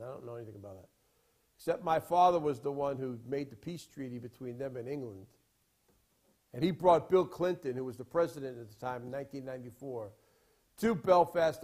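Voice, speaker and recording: A man preaching in a rambling storytelling style, emphatic, with sudden swings from loud to quiet. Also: fairly high pitch. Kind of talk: sermon storytelling.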